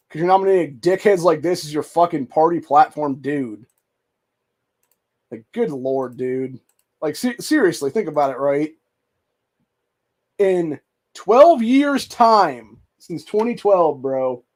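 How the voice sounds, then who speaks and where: A man's voice: sits high, a little mellow. A man hosting a political commentary show, reacting to clips with a profane, contemptuous rant. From United States. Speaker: host.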